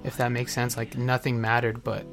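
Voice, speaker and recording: A man's voice: mid-range voice, monotone, moderate pace, loud music behind the voice. A young man earnestly telling his own recovery story in a candid, confessional way, with many fillers and restarts. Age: young adult. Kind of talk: candid personal testimony.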